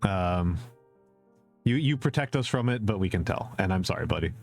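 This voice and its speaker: A man with a fairly low voice chatting casually on a livestream, answering viewer questions. He talks in an opinionated way, doubling back to repeat his points. Soft music plays faintly behind him. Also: animated, moderate pace, gravelly. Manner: opinionated, repeats phrases for emphasis; conversational, with many fillers. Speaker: VTuber streamer.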